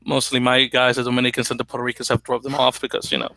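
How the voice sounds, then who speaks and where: A man's voice: medium pitch, monotone, racing, bright, forceful tone, no room sound. A man co-hosting a sports podcast, chatting casually with hesitant fillers and restarts. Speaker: podcast co-host.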